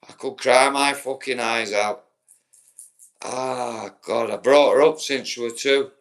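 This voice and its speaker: A man's voice: medium pitch, slow pace. A man in his forties with a Yorkshire accent, chatting on a live stream and telling stories full of swearing. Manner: swearing, rambling storyteller. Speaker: livestreamer. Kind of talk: casual live-stream chat.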